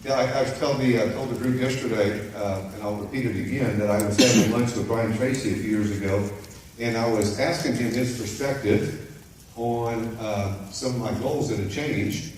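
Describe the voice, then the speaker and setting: A middle-aged motivational speaker tells a group a personal story in a chatty, anecdotal way, often checking in with "right?". His voice is on the low side with a darkish tone at normal speed, recorded in an echoey room on a distant mic with faint noise.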